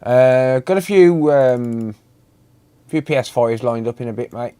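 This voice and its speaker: A man's voice: medium pitch, a little slow, warm tone, clear, resonant tone. A man hosting a casual live stream, greeting viewers by name and chatting loosely.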